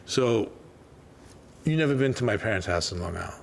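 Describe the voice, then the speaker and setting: A man's voice: on the low side, a little fast, vocal fry, a little hiss or hum. An older man, a label founder, telling stories in a casual interview and acting out quoted dialogue. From New York. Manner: animated anecdotes, acts out quoted dialogue. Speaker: record label founder, guest.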